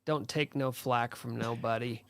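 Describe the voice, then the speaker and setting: A man's voice: medium pitch, steady tone, unhurried, fairly bright tone. A man co-hosting a casual sports podcast, teasing the others and riffing on his own jokes. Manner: teasing, fond of mock impressions. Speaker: podcast co-host.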